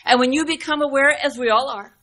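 An older woman preaching a sermon in an earnest, emphatic way, slowing down to stress key words and telling folksy stories with acted-out dialogue. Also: sits high, sharp tone. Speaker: speaker at a women's Bible teaching.

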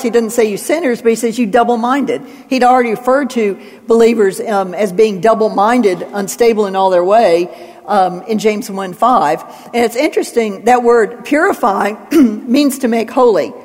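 A woman's voice: medium pitch, a little mellow. A woman giving an expository Bible teaching, working through numbered points and citing scripture with emphasis. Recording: long hall reverb.

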